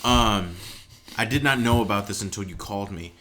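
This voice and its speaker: A man's voice: on the low side, normal speed. A laid-back man co-hosts a casual podcast, using easy slang and leading the talk with questions. A faint hiss sits under his voice. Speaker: podcast co-host.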